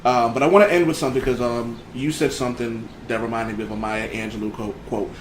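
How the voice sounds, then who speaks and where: A man hosting a laid-back talk show, full of ums and restarts as he winds through a story. His voice sits at an ordinary middle pitch. The room is echoey, with a faint hiss of noise underneath. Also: fairly even intonation, fast talker. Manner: rambling, many fillers and restarts. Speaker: podcast host. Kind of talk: casual chat.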